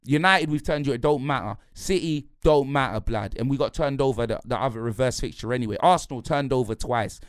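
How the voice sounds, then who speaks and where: Mid-rant, an angry football fan pundit fires off heated, slangy, repetitive lines punctuated with "blood" and "fam". His mid-range voice is fairly quick with hardly any pauses, and the close sound is dry with no echo.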